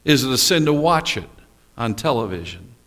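A man's voice: mid-range voice, expressive, moderate pace, a bit bright. A male pastor preaching a sermon, telling stories and asking rhetorical questions with small humorous asides.

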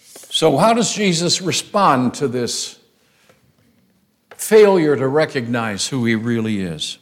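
A man's voice: mid-range voice, expressive, slow. A man preaching an expository sermon, emphatic, repeating phrases for stress.

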